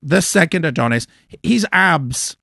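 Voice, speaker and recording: A man in his thirties spins a story over casual chat, flustered and self-deprecating, his pitch swooping all over. His voice carries a gravelly fry, and the recording is dry and close. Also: lively intonation, measured pace, pushed and bright, no room sound.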